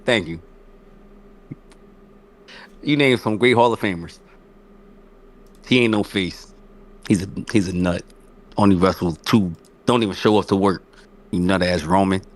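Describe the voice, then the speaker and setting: A young man co-hosts a casual wrestling podcast in a fairly low voice. He argues his case stubbornly, repeats himself and trails off mid-thought. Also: measured pace, pauses often. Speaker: podcast co-host.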